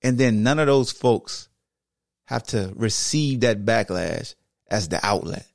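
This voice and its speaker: A man hosting a sports podcast, talking with emphatic repetition that swings between low, heavy stretches and high, excited bursts. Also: unhurried, gravelly, dry recording, clean studio sound. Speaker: podcast host and former football player. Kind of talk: impassioned monologue.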